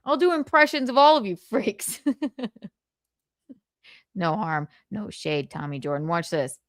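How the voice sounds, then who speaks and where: A woman's voice: medium pitch, animated, a little slow, no room sound, studio quality. A woman hosting a casual livestream, giggling and teasing as she chats. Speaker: livestream host.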